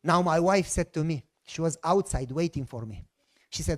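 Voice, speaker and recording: A middle-aged male pastor, speaking in a fairly high voice. He preaches through a personal story with dramatic flair and voices both sides of each exchange himself. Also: moderate pace. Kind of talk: sermon storytelling.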